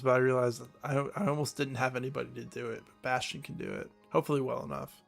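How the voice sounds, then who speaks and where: A man's voice: mid-range voice, fairly even intonation, quick pace, creaky, few pauses, a bit bright, soft background music. A man streaming a video game, cracking jokes between dialogue lines. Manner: joking asides between read lines. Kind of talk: casual gameplay commentary.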